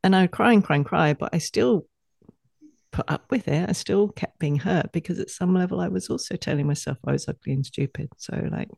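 A woman speaking as a guest in a casual podcast conversation, animated and quick to laugh as she acts out her own inner voices. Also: lowish voice, vocal fry, breathy edge, no echo, clean studio sound.

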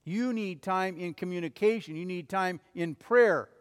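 A man preaching a sermon in an earnest way, rising to urgent appeals and falling to soft, low passages. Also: unhurried, clear, resonant tone, in a large hall. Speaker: pastor.

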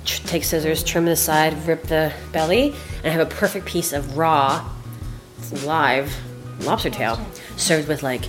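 A woman chef telling stories casually while cooking in a kitchen, animated and swearing freely. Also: deep voice, a little slow, over music. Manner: animated, profane, chatty. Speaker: chef, guest.

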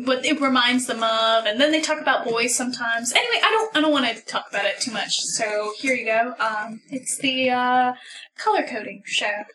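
A woman's voice: sits high, pushed and bright, poor audio. A woman hosting a comedy podcast who speaks in a mock-earnest, rambling way. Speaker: host.

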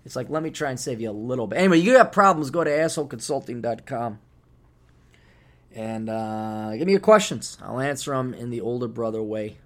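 A man hosting a podcast alone, rambling in a sarcastic, casual monologue with sudden loud bursts, tired and just waking up. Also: mid-range voice, expressive, a little fast. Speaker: podcast host.

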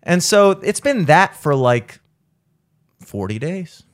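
A man telling a long story in casual chat, swearing often and acting out what others said. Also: slow. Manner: animated, profane, acts out quotes in a high voice.

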